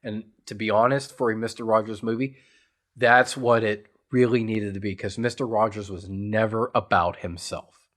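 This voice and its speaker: A man's voice: fairly low pitch, fairly even intonation, normal speed, a bit bright. Chatty man with lots of filler words. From Pittsburgh area, USA. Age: adult parent. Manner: enthusiastic rambling storyteller with many "like" fillers. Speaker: podcast co-host. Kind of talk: casual chat, movie recap.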